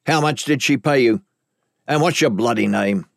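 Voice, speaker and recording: A man voicing a cunning, menacing male criminal boss with a gruff, threatening manner. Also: medium pitch, normal speed, dry recording, clean studio sound, close to an everyday voice.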